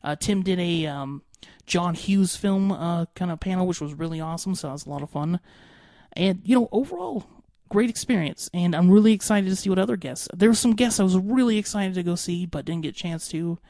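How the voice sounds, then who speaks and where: A young man hosting a podcast, giving an excitable, rambling recap full of fillers. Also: high-pitched, a little fast, no room sound, studio quality. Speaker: podcast host.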